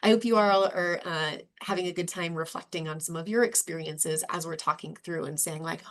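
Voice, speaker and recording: A woman's voice: deep voice, brisk, hardly any pauses, fairly bright tone. A woman leading a cultural training workshop in an upbeat way, acting out short example dialogues as she explains. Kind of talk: workshop presentation.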